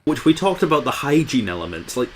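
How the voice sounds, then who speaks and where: A man's voice: mid-range voice, big pitch swings, quick pace, a little hiss or hum, low-quality recording. A man co-hosting a podcast, chatting casually about an old film in a wry, amused way. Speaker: podcast co-host.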